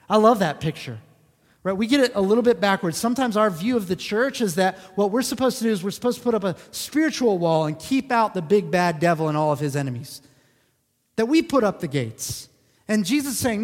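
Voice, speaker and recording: A man's voice: sits high, lively intonation, a little fast. A male pastor preaching a sermon in an earnest way, repeating phrases for emphasis. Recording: long hall reverb.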